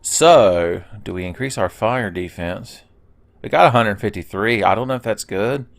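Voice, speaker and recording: A man's voice: fairly low pitch, normal speed, creaky, no echo. A man casually commenting over his own gameplay, rambling into joking asides and swearing freely. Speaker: let's play host.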